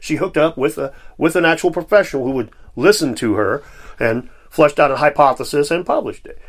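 A man hosts a commentary vlog in a casual, conversational manner with a self-deprecating edge. His voice sits a little high. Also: expressive, a little fast. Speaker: YouTube host.

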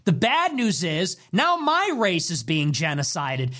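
A talk show host delivers a heated monologue in a lively, up-and-down voice. The talk is profane and emphatic, with phrases repeated for weight. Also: mid-range voice, measured pace, hardly any pauses.

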